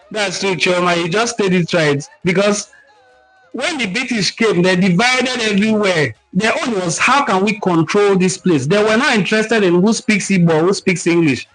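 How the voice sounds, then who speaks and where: A Nigerian man hosting a cultural livestream, teaching in an animated, emphatic way and reading out viewer comments. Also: high voice, low-quality recording. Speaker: cultural talk host.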